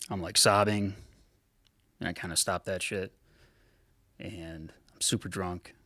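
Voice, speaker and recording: A man in his thirties, a podcast guest telling a painful personal story frankly, swearing often and pausing on fillers. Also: deep voice, fairly even intonation, pushed and bright, no room sound. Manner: frank, heavy swearing, halting with many fillers. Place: podcast studio.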